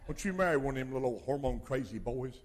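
An older man preaching a sermon as pastor, swinging between loud exhortation and quiet asides. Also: medium pitch, animated, fast.

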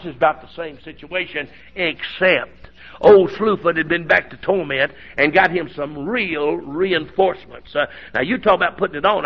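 A high, husky voice from a middle-aged preacher nursing a sore throat, gravelly at the edges as he spins a homespun story. He swings from hushed drawl to hollering praise. The recording is dull and lo-fi. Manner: folksy, building to hollering. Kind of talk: sermon storytelling.

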